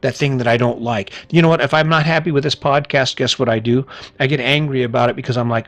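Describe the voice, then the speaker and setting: A man's voice: medium pitch, steady tone, fast, fairly bright tone. A middle-aged man hosting a podcast, delivering a blunt motivational monologue full of rhetorical questions and casual swearing. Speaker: podcast host.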